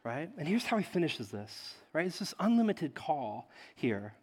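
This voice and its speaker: Male pastor, lively and animated delivery, somewhat high voice, long hall echo. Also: moderate pace, husky. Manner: animated, self-deprecating, keeps asking "right?". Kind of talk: sermon.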